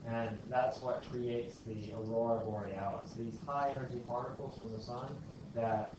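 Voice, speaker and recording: A middle-aged man with a drawl talks a classroom through physics step by step, questioning the students and wandering into asides. His voice sits at an ordinary pitch. The recording is dull and lo-fi, with a faint hiss underneath. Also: steady tone, moderate pace. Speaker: physics lecturer. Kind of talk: classroom lecture.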